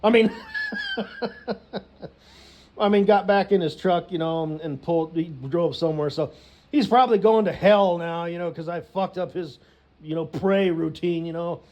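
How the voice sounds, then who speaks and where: A man's voice: a little high, unhurried, long pauses, darkish tone. A man telling a rambling, profane story, filling it with "you know" and laughs. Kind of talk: rambling casual rant.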